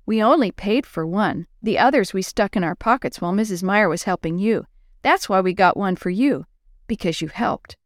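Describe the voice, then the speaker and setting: A woman's voice: medium pitch, animated, moderate pace, dry recording, clean studio sound, close to an everyday voice. A woman voicing a sly, pushy schoolboy ringleader in a storybook reading. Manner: coaxing, pushy.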